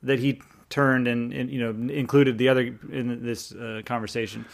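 This man has a mid-pitched voice and talks through a scripture passage in a relaxed, casual way. He reasons aloud and often restarts his sentences as he works out the meaning. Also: normal speed, creaky. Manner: thoughtful, reasons aloud over the wording with restarts.

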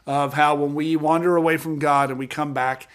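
A man co-hosting a podcast, talking through a Bible passage and acting out its characters with lively voices. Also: fairly high pitch, moderate pace. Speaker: podcast co-host. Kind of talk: Bible study podcast chat.

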